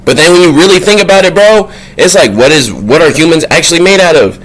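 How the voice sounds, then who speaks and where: A man talking casually to camera in a spiritual vlog, slangy and profane, his voice jumping up high whenever he gets worked up. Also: quick pace, hardly any pauses. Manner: excitable, slangy and profane, voice leaping up when worked up. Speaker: vlog host.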